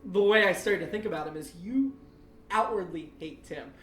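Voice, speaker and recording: A man's voice: high-pitched, animated, normal speed, a bit bright. A man hosting a casual podcast roundtable, steering the talk and laughing often. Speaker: podcast host and show creator. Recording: roomy, distant mic.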